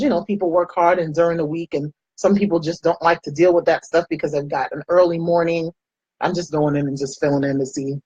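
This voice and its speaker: A young American woman talks through her makeup routine in a casual vlog, sliding into chatty stories and acted-out quotes. Her voice sits low with a slightly husky grain, and the sound is dry and close with little room echo. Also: muffled recording. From United States. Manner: chatty storytelling, animated quoted voices, frequent laughs. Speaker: makeup vlogger. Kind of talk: casual chat while doing makeup.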